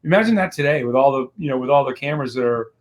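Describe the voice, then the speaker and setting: A man's voice: medium pitch, animated, racing. A man co-hosting a podcast, earnest and encouraging in casual chat. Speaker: podcast co-host.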